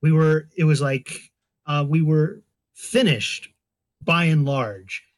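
A voice actor chatting on a voice call, telling a story with halting restarts. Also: male voice, fairly high pitch. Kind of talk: casual chat.

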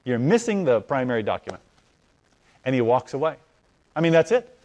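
Man, storytelling, animated, acts out the dialogue, middle pitch, rises and drops his voice. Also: fairly quick. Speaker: guest telling a testimony. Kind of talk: storytelling in a conversation.

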